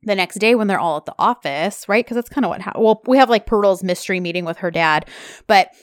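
A woman in casual conversation, retelling a show's scenes in a chatty, animated flow full of fillers. Her voice sits at an ordinary middle pitch. The sound is close and dry, with no room around it. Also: brisk, no room sound. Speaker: podcast co-host recapping a TV series. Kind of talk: casual chat.

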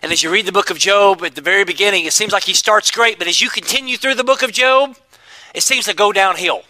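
A man preaching a sermon to his congregation, emphatic, swinging between loud declarations and hushed asides. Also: high voice, quick pace, rough recording. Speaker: pastor.

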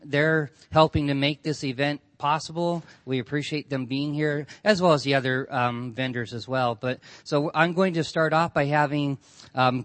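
Man, emcee, informal announcements, higher voice, dry sound. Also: no room sound. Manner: informal, with many fillers. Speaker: event emcee. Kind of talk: announcements at a conference.

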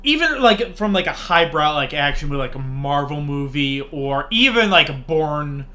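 A man's voice: fairly high pitch, sing-song, moderate pace, bright, forceful tone. A man as podcast guest, chatting casually about a movie with wry, complaining asides.

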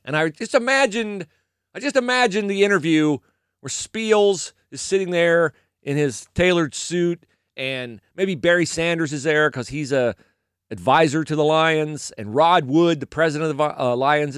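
A man's voice: fairly high pitch, normal speed, dry recording, studio quality. A middle-aged man hosting a podcast, chatting casually about sports and reading an ad, telling stories with frequent chuckles. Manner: animated, storytelling, chuckles often. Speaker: podcast host. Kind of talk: casual sports chat with ad read.

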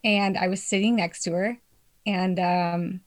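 A woman's voice: fairly low pitch, fairly even intonation, a little slow. A young woman in casual chat with friends, telling a story with lots of swearing and laughter.

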